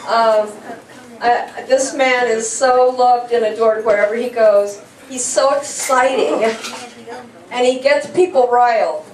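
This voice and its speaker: A woman introducing a guest speaker at a meeting, chatty and halting, with many fillers. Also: on the high side, steady tone. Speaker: event organizer introducing the speaker. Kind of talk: casual introduction. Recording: echoey hall, voice from far off.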